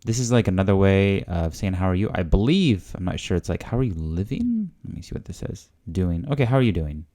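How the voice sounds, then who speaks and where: Casual host, low mellow male voice, hesitant learner thinking aloud. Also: big pitch swings, fairly quick. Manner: hesitant, full of fillers and guesses. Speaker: language learner hosting a video series.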